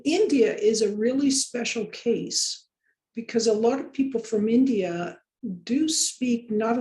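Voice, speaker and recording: A course instructor chats casually on a video call, rambling and using many fillers. Her voice is fairly high, gravelly, and mellow, and the recording carries a roomy echo.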